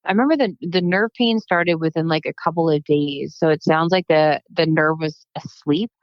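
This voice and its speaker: A deep-voiced woman chats on a podcast and tells animated stories, acting out the other people in them. The recording is dry and a little dull. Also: normal speed, no echo. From United States. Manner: animated storytelling, acts out quotes. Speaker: guest, plastic surgeon. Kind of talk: casual podcast chat.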